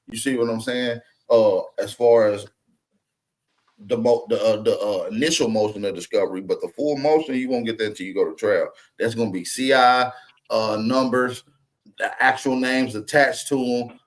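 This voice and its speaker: A man's voice: mid-range voice, moderate pace. A man hosting a casual panel talk, explaining at length in street slang and often asking whether his listeners follow him.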